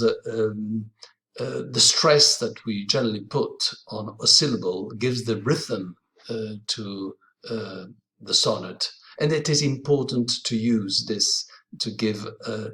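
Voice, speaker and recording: A man's voice: on the low side, a bit bright. A man with an Italian accent giving a hesitant literature lecture, full of fillers and restarts. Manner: halting, many fillers and restarts. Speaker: literature teacher.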